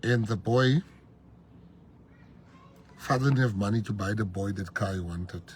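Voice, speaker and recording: South African male politician, fiery rally speaker, loud peaks, slight background hiss. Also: fairly low pitch, unhurried. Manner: fiery, switching between English and Afrikaans, shouting at peaks. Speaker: political leader. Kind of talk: rally speech.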